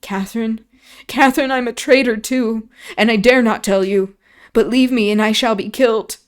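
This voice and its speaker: Woman doing a frail scared teen boy, sobby and begging, voice pushed up high, book read on stream. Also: unhurried, lightly acted. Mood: pleading. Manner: pleading, breathless and tearful. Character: frail terrified teenage boy, pleading and sobbing. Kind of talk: novel read aloud on a stream.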